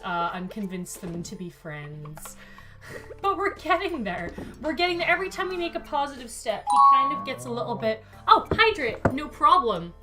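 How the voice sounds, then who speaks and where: A woman's voice: on the high side, pushed and bright. A woman, chatting playfully as a streamer, laughing often and talking to her cat and her chat. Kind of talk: casual gaming stream chat.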